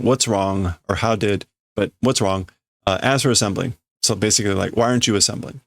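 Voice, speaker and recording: A man's voice: lowish voice, fairly quick, vocal fry, dry recording, clean studio sound. A man casually reading and translating aloud, thinking over word meanings as he goes. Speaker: streamer reading manga aloud.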